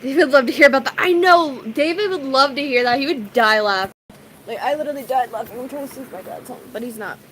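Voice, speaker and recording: A woman with a high, light voice chats easily with her stream viewers, giggling as she goes. She greets people in the chat by name between rambling stories, in a relaxed, talkative way. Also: quick pace, a little hiss or hum, rough recording. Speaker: live streamer.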